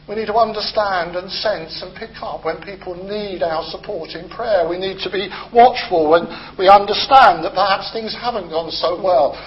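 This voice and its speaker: Male preacher, light high voice, easygoing expository sermon on a muffled lo-fi recording. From Britain. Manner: conversational, gently humorous expository preaching.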